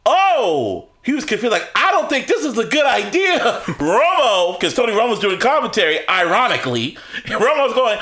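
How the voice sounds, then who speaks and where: Excitable laughing man, high lively voice. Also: normal speed. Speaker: podcast co-host. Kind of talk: casual sports chat.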